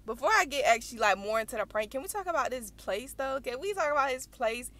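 A young woman hosting a reaction channel, recapping a video in animated, chatty storytelling. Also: high voice, fast talker, no room sound. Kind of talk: casual recap vlog.

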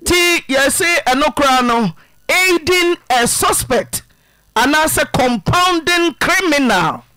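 A woman radio host with a high, bright voice that swings widely as she comments on a caller's story. She speaks emphatically and explains things for her listeners. The sound is dry and close. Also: expressive, slow, no room sound.

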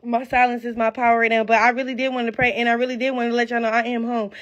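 A woman talking casually on a live stream, rambling and excitable, full of slang and losing her train of thought. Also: fairly high pitch, rapid-fire, muffled recording.

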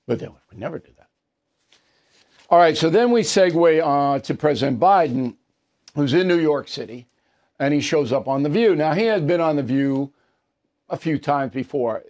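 A male show host gives opinionated solo commentary in a blunt, sarcastic manner. His voice sits a little high for a man, and he leans hard on his points. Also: a little mellow.

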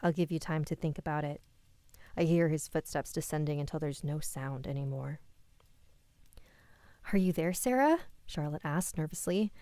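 A woman reading a listener's scary story aloud, with quick asides of her own. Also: low voice, fairly even intonation, mellow, dry recording.

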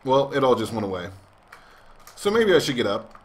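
A man's voice: medium pitch, big pitch swings, normal speed, a little hiss or hum. A man commentating a wrestling video game as a let's play host, joking in a mock announcer way. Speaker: gaming channel host.

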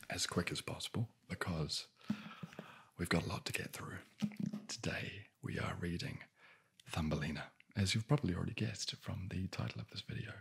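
A man's voice: deep voice, vocal fry, a bit bright, breathy edge. A man telling a bedtime fairy tale in a whispered ASMR style, with dry, sarcastic asides. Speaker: ASMR storyteller.

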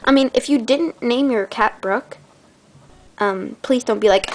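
A teenage girl hosts her own channel, chatting in a bubbly, rambling vlog style punctuated by dramatic gasps. Her voice is a little high and she takes her time, with slight background noise.

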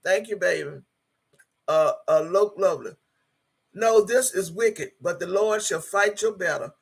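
A YouTube live streamer with a lowish, gravelly, husky voice speaks a little slowly. Hosting casually, she reads viewers' chat comments aloud bluntly and emphatically, swearing freely and switching into prayer.

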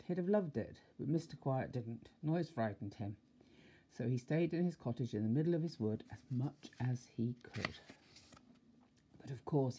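A woman's voice: sits low, mellow, slightly rough. An older woman, a grandmother, reading a bedtime story aloud and expressively, with asides to a child.

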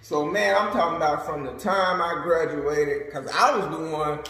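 A man's voice: on the high side, moderate pace. A man in his thirties telling a funny story in casual chat, laughing often and acting out the voices. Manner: animated, laughing a lot, acting out quotes. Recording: very echoey room.

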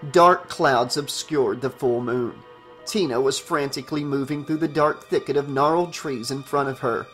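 A man who hosts his own channel, reading a horror novel aloud in a steady, deliberate storytelling manner. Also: mid-range voice, faint music behind. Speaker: audiobook narrator and channel host. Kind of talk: audiobook narration.

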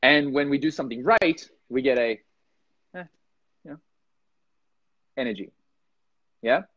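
Animated Norwegian-born man, dry dull sound. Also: a little slow, dry recording. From Norway. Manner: animated, acts out voices with big pitch jumps. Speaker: podcast guest. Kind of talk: casual conversation.

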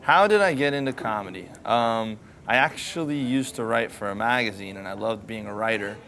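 A man answering interview questions about his comedy in a relaxed, easygoing way, trailing off softly. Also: lowish voice, moderate pace.

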